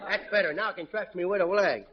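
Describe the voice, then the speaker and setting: A mischievous little boy, played by a man, squeaks along in a very high, cheeky voice with childish grammar. It is 1940s radio comedy acting. The broadcast sounds muffled, with hiss and a studio audience laughing. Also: fast, a crowd in the background, natural voice. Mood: scheming.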